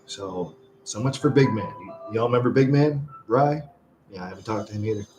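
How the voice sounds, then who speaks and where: A man's voice: lowish voice, brisk, muffled recording. A man hosting a live stream, rambling through a story and swearing freely in casual chat. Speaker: livestream host. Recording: roomy echo, faint music behind.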